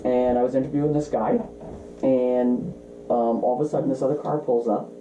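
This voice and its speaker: A woman's voice: a bass voice, fairly even intonation, moderate pace, mellow, slight background noise. A woman co-hosting a podcast, a journalist telling casual stories with many "you know"s. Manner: chatty, lots of "you know" and "like". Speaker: podcast co-host, car journalist. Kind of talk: casual chat, storytelling. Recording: roomy, slightly dull sound.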